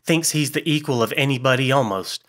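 A man's voice: medium pitch, a little fast, a bit bright, natural voice. A man doing an offhand pipe-smoking traveler. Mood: dismissive.

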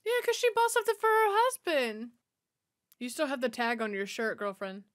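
A woman's voice: fairly high pitch, very animated, moderate pace. A woman giving a chatty, sassy running commentary while watching a film. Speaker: movie watch-along host.

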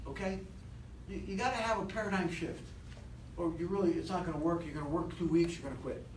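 A man leading a live motivational sales seminar, animated and rousing, constantly quizzing his audience, recorded from a distance in an echoey training room. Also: a little high, quick pace. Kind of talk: live seminar talk to a class. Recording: echoey room, distant mic, faint hiss.

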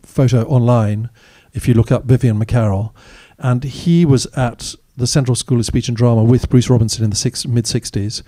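A man's voice: medium pitch, steady tone, normal speed, hardly any pauses, dark tone, no echo, clean studio sound. A man, an actor as guest, telling candid, wry anecdotes in a live audience Q&A at a cinema. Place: cinema stage after a screening.

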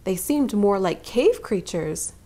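Slow, gentle woman reading to children. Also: mid-range voice, lively intonation. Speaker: children's story reader. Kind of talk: read-aloud storytelling.

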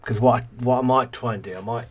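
A man's voice: medium pitch, steady tone, quick pace, a little hiss or hum. A man casually commentating a city-building game as host, rambling and thinking aloud, tired and yawning. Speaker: let's play host.

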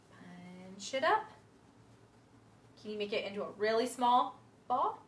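A woman's voice: a little high, lively intonation, unhurried, fairly bright tone. Sing-song woman teaching little kids music. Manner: sing-song, playful, many sung lines and vocal games. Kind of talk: music and movement class for young kids. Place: indoor room, livestream. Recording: echoey room.

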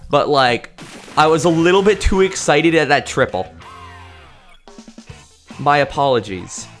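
Young man, streamer, excitable, animated pitch, chatty, faint background music. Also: unhurried. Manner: excitable, yelps and pops off at kills; chatty, talks to chat between plays. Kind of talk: live gameplay commentary.

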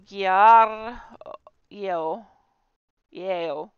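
A woman's voice: medium pitch, lively intonation, slow, creaky, smooth, no echo, muffled recording. A woman hosting a casual tour of a game house, chatty, giggly and self-deprecating. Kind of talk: casual gameplay tour commentary.

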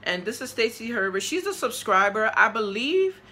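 A woman's voice: on the high side, big pitch swings, normal speed, sharp tone. A woman opening fan mail for her vlog, chatty and gushing as she talks straight to her viewers. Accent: New York. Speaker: vlogger.

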